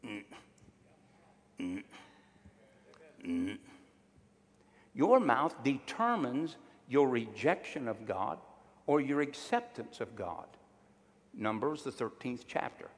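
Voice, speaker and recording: A man's voice: medium pitch, very animated, slow pace, long pauses, big-room sound. A male pastor preaching a sermon, emphatic and drawing call-and-response from his congregation.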